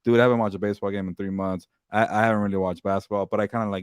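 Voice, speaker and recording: Fast-talking low-voiced man. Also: steady tone, smooth, dry recording, studio quality. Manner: fast, halting, repeats words. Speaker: podcast co-host. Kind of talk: casual chat.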